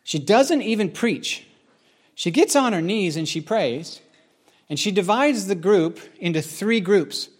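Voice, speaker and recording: A man's voice: sits high, expressive, a little slow. A middle-aged man, a pastor, giving a candid, conversational sermon testimony, often restarting his sentences. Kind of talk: sermon-style personal testimony.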